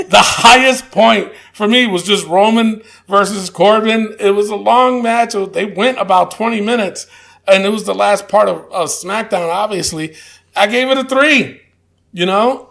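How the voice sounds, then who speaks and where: A man's voice: sits high, normal speed, creaky, a bit bright. A man co-hosting a wrestling podcast, talking casually with many fillers and frequent laughs. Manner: laid-back, laughs often, hesitant with fillers. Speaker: podcast co-host.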